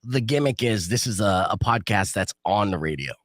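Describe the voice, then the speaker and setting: Brash male morning-show host from New Jersey, expressive delivery, dry booth mic. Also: on the low side, moderate pace, no echo. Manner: animated, brash, swears casually. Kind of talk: casual radio and podcast chat.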